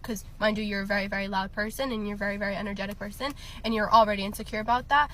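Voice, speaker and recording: Bright-voiced young woman, chatty storyteller. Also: medium pitch, steady tone, racing, few pauses. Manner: chatty, laughing often, many fillers. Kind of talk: casual storytime.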